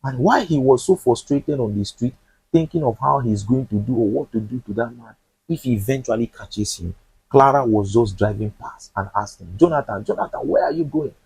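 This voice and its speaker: A man's voice: mid-range voice, normal speed, vocal fry, darkish tone, husky, dry recording, poor audio. A man recapping a drama series in chatty, sympathetic commentary. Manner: chatty, sympathetic, uses fillers. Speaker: movie recap presenter.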